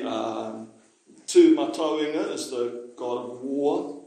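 A man's voice: mid-range voice, lively intonation, extremely slow, mellow. Chatty male language teacher in echoey room. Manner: chatty, explains with asides and checks understanding. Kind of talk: classroom language lesson.

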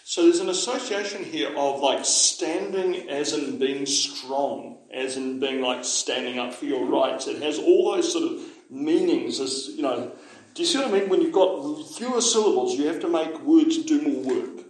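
Man teaching a class, chatty and explanatory, slightly high voice, very echoey room. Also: moderate pace. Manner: chatty, explains with asides and checks understanding. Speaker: Māori language teacher. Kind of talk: classroom language lesson.

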